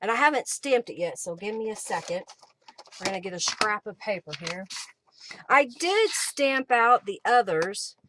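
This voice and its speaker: A woman's voice: medium pitch, animated, moderate pace, noisy background. A woman hosting a live crafting stream, chatting casually and thinking aloud as she works at her craft table and answers viewers. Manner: chatty, thinks aloud while working, reads viewer comments. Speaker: craft livestream host.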